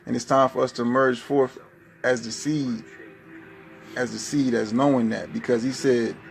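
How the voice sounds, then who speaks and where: A man's voice: medium pitch, fairly even intonation, moderate pace, vocal fry, soft background music. A man preaching a spoken-word sermon, firing off fervent rhetorical questions.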